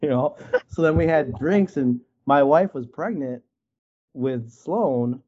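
A man from Wisconsin spins a loose, casual story on a video call, full of likes and you-knows, slipping into the voices of the people he quotes. His voice sits at an ordinary middle pitch, and the call audio sounds a little dull. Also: expressive, takes it slowly, darkish tone. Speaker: guest artist.

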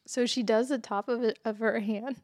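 A woman with a fairly high voice, laughing her way through a story and swearing freely. The sound is dry and close, with no room echo. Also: steady tone, normal speed, darkish tone. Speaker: podcast co-host. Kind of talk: casual chat.

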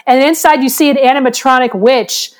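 Woman on a podcast, high voice, rambly chatty storytelling, laughs a lot. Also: fairly even intonation, a little fast. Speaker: podcast co-host. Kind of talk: casual chat.

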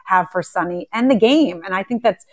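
A woman hosts a conversational interview with a middle-pitched voice. She responds to her guest reflectively and affirmingly, sharing her own experience. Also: normal speed.

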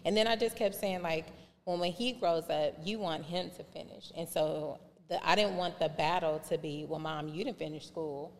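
A woman telling a long personal story in a casual podcast chat, animated and acting out remembered dialogue in different voices. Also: sits low, moderate pace. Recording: reverberant room with faint background noise.

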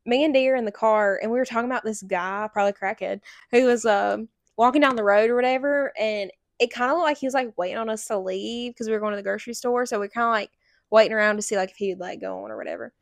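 A woman's voice: fairly high pitch, fast talker, no echo, studio quality. A young woman co-hosting a podcast, telling a story in casual chat and filling it with "like". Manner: chatty storytelling, heavy use of "like". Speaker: podcast co-host.

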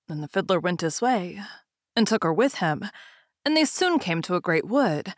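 Fairy-tale reader: woman, lowish voice, calm and even, dry close sound. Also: normal speed, no room sound. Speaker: narrator. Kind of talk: fairy tale read-aloud.

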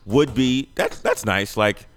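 A man co-hosting a podcast, laying out his reading of a film in a thoughtful, measured way. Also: medium pitch. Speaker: podcast co-host. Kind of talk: casual movie discussion.

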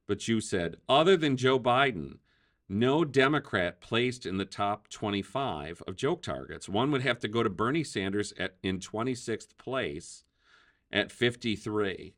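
A man's voice: fairly low pitch, expressive, measured pace, a bit bright. A man hosting a casual political talk show, chatty, laughing often and using many fillers. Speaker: podcast host.

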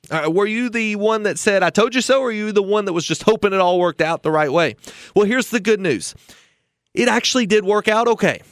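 Male podcast host, high voice, dry close mic, earnest persuasive storyteller. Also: a bit bright, no echo. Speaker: retirement planning podcast host.

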